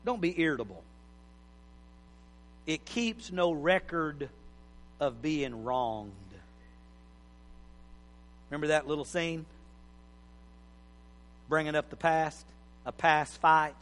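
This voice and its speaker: A man's voice: on the high side, expressive, slow pace, long pauses, a bit bright. A middle-aged man preaching a sermon in a folksy, joking, plain-spoken way. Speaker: pastor. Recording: hall reverb.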